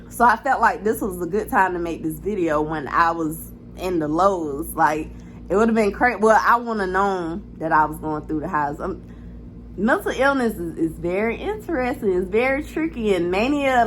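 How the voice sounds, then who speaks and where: A young woman vlogging straight to camera in a chatty, candid way, frank and unpolished. Her voice sits at a middle pitch. A faint hiss of background noise runs under the recording. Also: rough recording. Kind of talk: casual direct-to-camera vlog.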